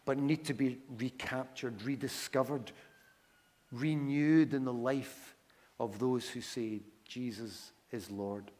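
A male pastor delivering a sermon at an unhurried, very slow pace. He lingers on each phrase, stacking lists word by word with deliberate pauses. His voice sits at an ordinary middle pitch. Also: steady tone, darkish tone.

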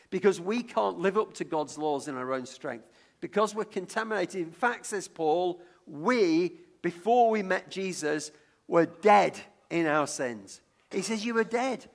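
A man's voice: high-pitched, creaky. A middle-aged man from Lancashire, England, preaching a sermon in a chatty way: he tells a story from his childhood, often repeats words mid-sentence, and asks the congregation to call out guesses. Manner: conversational, stumbles and repeats words, draws the congregation in with questions.

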